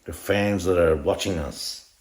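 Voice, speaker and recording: Chatty man with a lowish voice in an echoey kitchen. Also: a little slow, darkish tone. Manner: chatty, joking, rambling, talks to his dog. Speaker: bodybuilding vlogger. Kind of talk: casual talk to camera while cooking. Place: home kitchen with a noisy fan. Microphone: phone camera. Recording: echoey room with fan noise.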